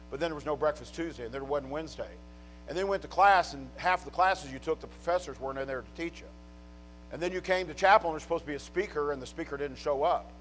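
A man preaching a chapel sermon, telling a Bible story with animated storytelling that swings from hushed to shouting. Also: a little high, quick pace, faint music behind. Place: college chapel.

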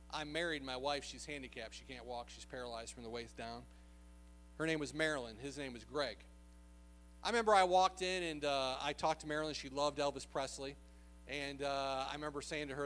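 A man's voice: a little high, fairly bright tone. A man preaching a sermon, telling a personal story in an earnest, conversational way with frequent filler sounds.

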